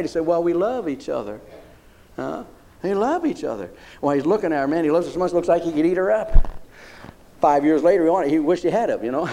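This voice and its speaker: A male pastor preaching a sermon, repeating phrases emphatically and rising into loud declarations. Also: fairly high pitch.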